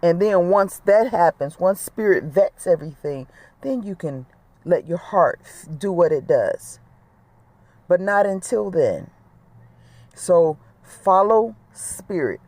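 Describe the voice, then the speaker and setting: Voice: mid-range voice, expressive, slow, a little mellow, no echo. A middle-aged spiritual speaker giving an earnest, reflective monologue and repeating key words for emphasis.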